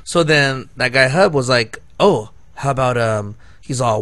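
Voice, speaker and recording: A podcast co-host meanders through a lengthy story in relaxed conversation, his speech full of "like," restarts and laughter. His medium-pitched, slightly bright voice moves a little slowly with few pauses, and there's no echo.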